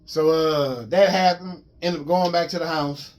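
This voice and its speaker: A man casually telling a long personal story to his viewers in an animated, profane way, with lots of repeats and restarts. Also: fairly high pitch, a little slow. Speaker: vlogger.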